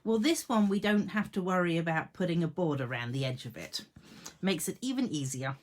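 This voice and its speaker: A woman with a fairly low, animated voice talks a little fast while showing card making in a casual tutorial at her home craft desk. She chats to herself and her tools and laughs at her own jokes.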